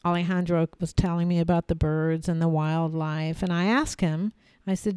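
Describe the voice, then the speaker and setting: Woman podcaster telling her own story, lowish smooth voice, slow, keeps repeating words for effect, dry close mic. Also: fairly even intonation, darkish tone, no room sound. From United States. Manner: measured, pausing storyteller who repeats phrases for emphasis. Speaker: podcast host.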